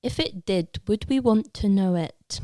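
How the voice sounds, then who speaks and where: A woman's voice: medium pitch, measured pace, mellow, no echo, studio quality. A young woman from Leicester, England, chatting as a podcast guest, joking and free-associating with frequent laughs. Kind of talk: casual chat.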